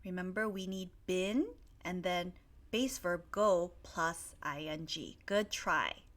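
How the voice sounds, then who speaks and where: A woman teaching English grammar in a live online lesson, reading out viewers' sentences and gently correcting them. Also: lowish voice, slow. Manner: spells out endings letter by letter, stretches key words.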